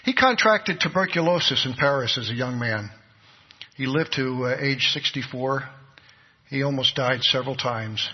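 Preaching in a mid-range voice with a slight roughness, this man tells a sermon story at an ordinary pace, voicing each person in it with earnest conviction. Long hall reverb trails over a dull-sounding recording.

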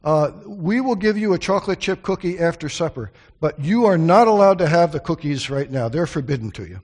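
A man's voice: fairly high pitch, animated, fairly quick. A man voicing a mother firmly telling her small boy he may not have cookies yet, in a story told in a sermon. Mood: stern.

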